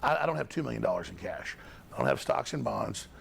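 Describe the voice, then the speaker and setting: A man's voice: on the low side, animated, quick pace, creaky, husky. A man answering interview questions in a defensive, rambling way and often repeating his words. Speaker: interview guest. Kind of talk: recorded interview.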